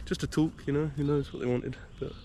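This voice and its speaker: A man's voice: a little high, fairly even intonation, a little fast, slight background noise. A man from the UK, chatting casually to camera as a solo wild camping vlogger and explaining his gear step by step, recorded outdoors in a woodland. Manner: hushed, half-whispering. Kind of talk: casual vlog talk to camera.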